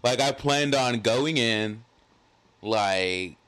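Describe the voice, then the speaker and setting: Animated young man telling a story. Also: medium pitch, drawn-out words. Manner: animated, profane, heavy use of "like". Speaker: podcast co-host. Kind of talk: casual chat, storytelling.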